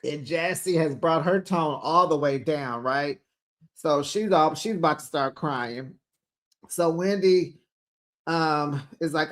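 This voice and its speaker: A chatty host gives a casual recap of a reality show, acting out the cast's lines as she goes. The voice sits at a middle pitch, and she keeps calling listeners besties and honey. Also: slow. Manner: chatty, retells scenes acting out quotes.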